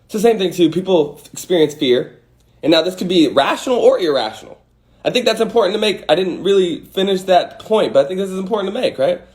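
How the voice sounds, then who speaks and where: A man's voice: high voice, animated, fast, darkish tone. A man hosting a livestream, giving a casual motivational talk and acting out angry and scared voices with some swearing. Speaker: host.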